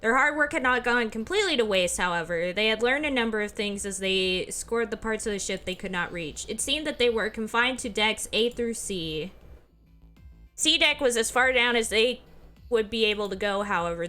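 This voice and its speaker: Bright woman narrating a visual novel. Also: mid-range voice, moderate pace, faint music behind. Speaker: host and narrator.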